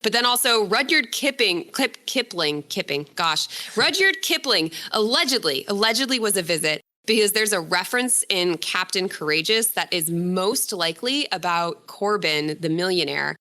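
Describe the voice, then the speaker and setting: A woman's voice: medium pitch, expressive, normal speed, pushed and bright. A woman casually explaining a news story in conversation, chatty, often correcting herself and laughing.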